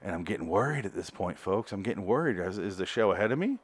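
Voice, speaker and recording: A man's voice: low voice, lively intonation, fast talker, breathy edge. A man hosting a solo podcast, reviewing an episode in a rambling, joking way that keeps correcting itself. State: out of breath. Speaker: podcast host.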